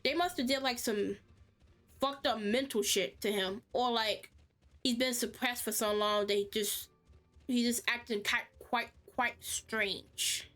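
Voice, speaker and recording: A woman's voice: a little high, a little slow, fairly bright tone, soft background music. A woman streaming a game, reacting in casual, exclamatory chatter with frequent swearing. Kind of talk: casual gaming stream commentary.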